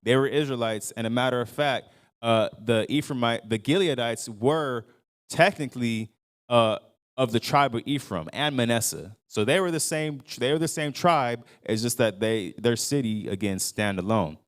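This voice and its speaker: A man with a smooth, resonant voice of middling pitch gives a casual scripture lesson to his congregation. He talks loosely, with plenty of fillers and restarts, and lifts his voice whenever he acts out a quoted speaker. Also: normal speed. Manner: conversational, full of fillers and restarts. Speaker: congregation Bible teacher. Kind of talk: casual Bible study teaching.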